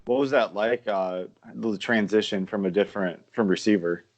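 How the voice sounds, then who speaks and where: Male podcast co-host, lowish voice, reactive questioner, dull lo-fi sound. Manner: interviewing, quick reactions with laughs. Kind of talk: casual podcast chat. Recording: dull lo-fi audio.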